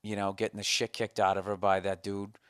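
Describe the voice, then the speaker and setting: A man's voice: on the low side, monotone, brisk, a bit bright, smooth, no echo, clean studio sound. A man hosting a podcast, telling a comic story in a rambling, profane, self-mocking way. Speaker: podcast host. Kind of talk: casual comedic storytelling.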